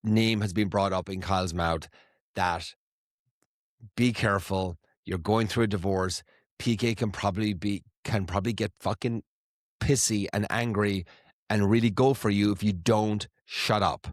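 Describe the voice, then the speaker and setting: A man's voice: on the low side, fairly even intonation, normal speed, no echo, studio quality. A man co-hosting a podcast, chatting casually and gossiping, swearing freely and acting out what others said. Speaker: podcast co-host. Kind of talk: casual chat.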